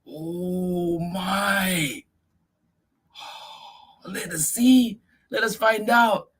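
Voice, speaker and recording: A man with a high voice draws out his words while hosting story time for children. He reads a picture book aloud in an animated way, exclaiming a lot and putting questions to the kids.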